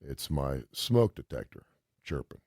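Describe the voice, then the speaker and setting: A man's voice: a bass voice, big pitch swings, unhurried, darkish tone, breathy edge, no echo, studio quality. A middle-aged man hosting a radio show, casually telling a long rambling story and acting out the quotes. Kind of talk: casual chat.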